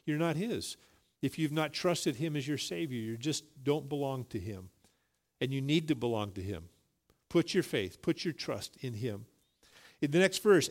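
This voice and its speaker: A middle-aged male pastor preaching a sermon, telling a folksy story and rising emphatically on key points. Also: fairly high pitch.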